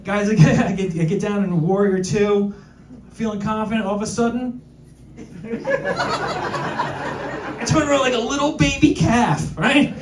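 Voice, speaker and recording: High-voiced comedian in an echoey club. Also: male voice, lively intonation. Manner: self-deprecating, rapid asides to the crowd. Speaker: stand-up comedian. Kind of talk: stand-up set. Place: comedy club with live audience. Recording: echoey club, distant mic, crowd noise.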